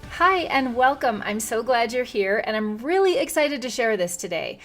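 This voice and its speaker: A woman's voice: a little high, expressive, normal speed, soft background music. Earnest woman hosting a wellness podcast. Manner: warm, earnest, encouraging. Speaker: podcast host.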